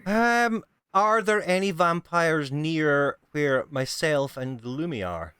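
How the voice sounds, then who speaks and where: A man playing a tabletop game, speaking hesitantly with frequent pauses and fillers. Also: on the high side, animated, fairly bright tone, clear, resonant tone, no echo. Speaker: player.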